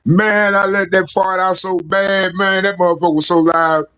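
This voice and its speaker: A man chatting casually as a caller on a live call-in stream, telling animated stories, laughing and acting out voices. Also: high voice, normal speed, clear, resonant tone, dry recording, dull audio. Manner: animated storyteller, laughs a lot, acts out voices. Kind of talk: casual banter. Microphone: remote call audio.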